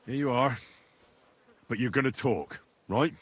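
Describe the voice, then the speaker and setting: An actor voicing a calm, probing young male adventurer in a video game, asking steady questions. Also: medium pitch, unhurried, breathy edge. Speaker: game protagonist.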